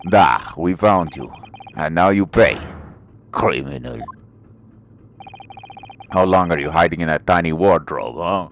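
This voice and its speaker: A man's voice: low voice, lively intonation, unhurried, vocal fry, long pauses, slight background noise, pitched below the performer's own voice, exaggerated voice. A man voicing a stern Russian sailor in a put-on Russian accent, speaking broken English to accuse a suspect. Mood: menacing. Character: gruff adult male Russian sailor, accusing and menacing.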